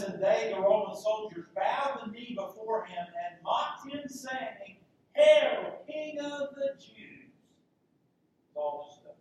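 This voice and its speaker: A man preaching a sermon dramatically, swinging between loud declarations and hushed whispers. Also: dull audio. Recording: echoey room from far off, faint rumble.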